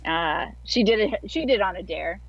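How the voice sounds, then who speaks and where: A woman's voice: mid-range voice, expressive, normal speed. A woman guest telling her story in a casual interview over a video call, chatty and full of filler words. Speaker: guest athlete. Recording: dull lo-fi online call audio.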